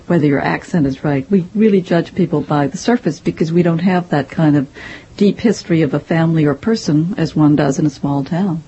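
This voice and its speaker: A woman from Mississippi with a faint Southern accent, a novelist talking in a measured, articulate way as an interview guest. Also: deep voice, mellow. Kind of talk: radio interview conversation. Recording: dull lo-fi audio with faint hiss.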